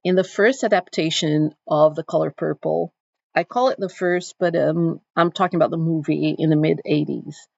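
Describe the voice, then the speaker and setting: Woman lecturer, thoughtful and explanatory, with a gravelly voice and a dry, dull sound. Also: deep voice, normal speed, darkish tone, no echo. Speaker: literature teacher. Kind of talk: recorded literature lecture.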